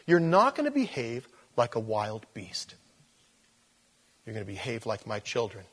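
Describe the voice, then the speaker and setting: A man's voice: mid-range voice, huge pitch swings, unhurried, husky. A male pastor giving a conversational Bible teaching, folksy and rambling, often correcting himself as he goes.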